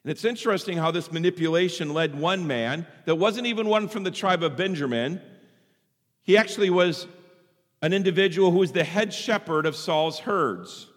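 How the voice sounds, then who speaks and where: Male pastor, slightly high voice, lively sermon delivery, big hall reverb. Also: normal speed. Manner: animated preaching, acts out quoted voices.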